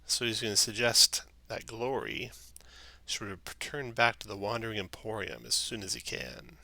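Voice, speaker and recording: A man running a tabletop game as dungeon master, brisk and quick to laugh. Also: lowish voice, very animated, creaky, pushed and bright, dry recording. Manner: brisk, laughs often, slips into quick character voices.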